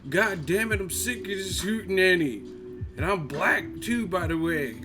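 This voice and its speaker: A man's voice: sits high, moderate pace, over music, pitched above the performer's own voice, lightly acted. A man putting on a raised, sneering voice to mock a smug male internet troll who leaves comments.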